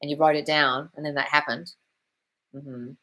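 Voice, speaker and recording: A woman with a slightly low-pitched voice hosts a live question-and-answer stream. She answers viewer comments in an effusive, frank way and calls everyone darling. Now and then she breaks into a sweary, squealing burst of praise. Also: steady tone, moderate pace, sharp tone, low-quality recording. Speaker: manifestation coach host.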